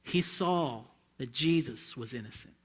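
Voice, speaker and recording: A male pastor preaching a sermon in a church, impassioned and swinging between hushed and loud delivery. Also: mid-range voice, measured pace, slightly rough, big-room sound.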